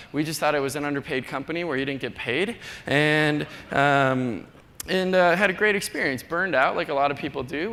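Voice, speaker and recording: A man in his thirties from North Dakota giving a chatty, self-deprecating conference talk in a large hall. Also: sharp tone. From North Dakota, USA. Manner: chatty, self-deprecating, acts out quoted people in a higher voice. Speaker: conference speaker. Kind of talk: keynote talk. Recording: long hall reverb, faint noise.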